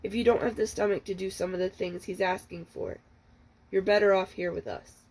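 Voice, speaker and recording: A woman's voice: mid-range voice, fairly even intonation, a little fast, darkish tone, husky, low-quality recording. A woman reading the lines of a blunt, cynical male palace guard in a book reading. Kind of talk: audiobook reading.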